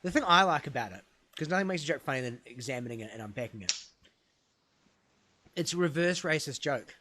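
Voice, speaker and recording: A man co-hosting a casual comedy podcast, rambling and self-deprecating, often trailing off into quiet mumbles. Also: medium pitch, expressive, brisk, noisy background. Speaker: podcast co-host.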